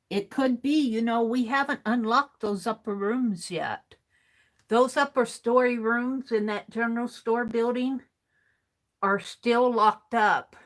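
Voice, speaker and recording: A woman hosting a casual livestream, reading viewer comments aloud, chuckling often and thinking out loud. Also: on the high side, low-quality recording. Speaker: livestream host.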